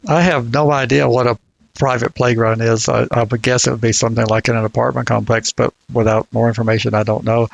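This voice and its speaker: Southern-drawling man, very gravelly, dry close sound, measured legal podcast talk. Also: mid-range voice, little pitch movement, no echo, low-quality recording. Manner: deliberate, halting, many restarts. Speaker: legal commentator. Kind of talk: casual podcast discussion.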